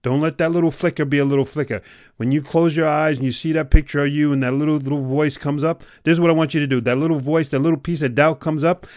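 A man hosting a motivational podcast, speaking intensely, alternating between loud exhortation and hushed, close delivery. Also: fairly high pitch, steady tone, fast, dry recording. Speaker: podcast host. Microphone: podcast microphone.

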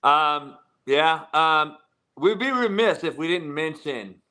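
Man, sports talk host, casual and chatty, bright forceful voice. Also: on the high side, lively intonation, slow. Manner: loose, chatty, asks leading questions.

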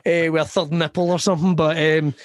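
This Scottish comedian in his forties rambles through stories as a guest on a podcast, swearing and laughing along the way. His voice is a touch high with a level tone, he talks quickly, and there's no echo.

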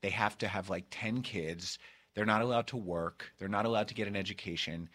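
A campy, joking podcast host in his fifties, a man who teases his co-hosts. His voice is bright and forceful, set slightly low. He talks in loose, casual banter. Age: 50s. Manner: playful, campy, quick with jokes. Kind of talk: casual comedy podcast chat.

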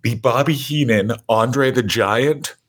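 A young man co-hosting a comedy podcast, rambling through deadpan, absurd jokes. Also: mid-range voice, takes it slowly. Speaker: podcast co-host. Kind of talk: casual comedic chat.

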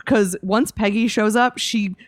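A woman co-hosting a podcast, recapping a TV episode in casual chat with wry, deadpan asides. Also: medium pitch, a little slow, dry recording, studio quality. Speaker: podcast co-host.

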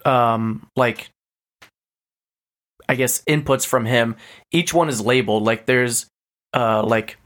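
Male podcast co-host, casual storyteller, mid-range voice, chatty and animated. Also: mid-range voice, takes it slowly, long pauses. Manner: animated retelling, many fillers. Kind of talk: casual chat.

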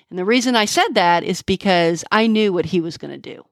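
A woman's voice: on the low side, no room sound, faint music behind. Woman detective recounting a case. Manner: halting, emotional storytelling with restarts. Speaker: homicide detective.

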